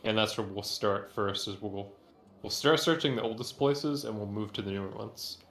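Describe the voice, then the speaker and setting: A man planning as a tabletop player, calm and methodical. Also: lowish voice, moderate pace, vocal fry. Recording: echoey room.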